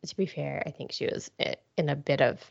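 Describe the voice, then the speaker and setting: A woman's voice: sits low, a little fast, vocal fry, no echo, lo-fi sound. A woman co-hosting a podcast, talking casually in a drily understated way. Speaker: podcast co-host. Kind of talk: casual chat.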